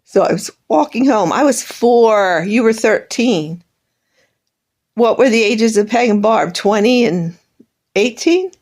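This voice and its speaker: A woman's voice: fairly high pitch, animated, measured pace, a little mellow. A middle-aged woman in an emotional monologue, bitter and accusing, rambling, her voice breaking into tears.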